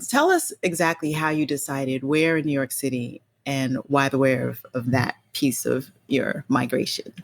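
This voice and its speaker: A woman's voice: rumbling low, moderate pace, creaky, hardly any pauses. A woman from Colorado hosting a podcast, asking her guest open questions in a casual interview. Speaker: podcast host.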